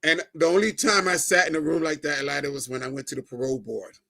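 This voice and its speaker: A middle-aged man giving a personal testimony as a guest, telling it in an animated way, acting out the dialogue and often checking in with "right?". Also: a little high, fast, vocal fry, a crowd in the background. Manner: animated storyteller, keeps adding "right?"; acts out quoted dialogue.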